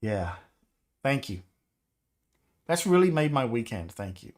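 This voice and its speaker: A man in his fifties chatting casually on a live stream, rambling, nostalgic and quick to laugh. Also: medium pitch, big pitch swings. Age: 50s. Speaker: game developer livestreamer.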